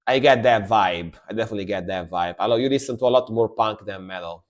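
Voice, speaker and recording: A man's voice: lowish voice, quick pace. A man streaming live reactions to metal and rock music, talking casually and enthusiastically, repeating his phrases and swearing now and then.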